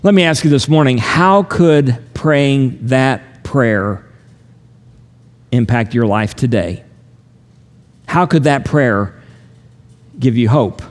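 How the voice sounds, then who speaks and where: An older man preaching a sermon with an earnest, measured delivery, dropping his pace on the lines he wants to land. His voice sits at an ordinary middle pitch and rings out with a long reverb, as if from a church sanctuary. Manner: earnest, measured, slows down for emphasis. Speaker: pastor.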